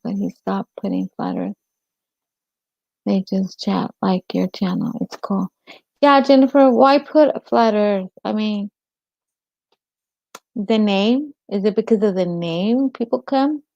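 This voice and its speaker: A woman's voice: mid-range voice, lively intonation, takes it slowly, creaky, no room sound. A woman hosting a casual livestream chat, rambling and answering viewers' comments by name. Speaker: livestream host. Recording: dull lo-fi stream audio.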